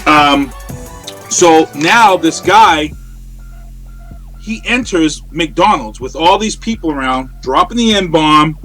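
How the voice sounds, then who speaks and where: A man, a guest on an interview show, telling a story in a casual, animated way over a remote call. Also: on the high side, slow, faint music behind. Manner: animated, acts out quoted voices. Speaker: interview guest, radio personality. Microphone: remote call from home.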